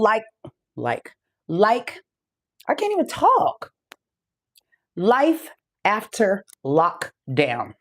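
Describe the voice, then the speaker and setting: Breathless chatty woman podcast host. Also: mid-range voice. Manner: loose, chatty, swears and laughs easily. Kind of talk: casual live-stream chat.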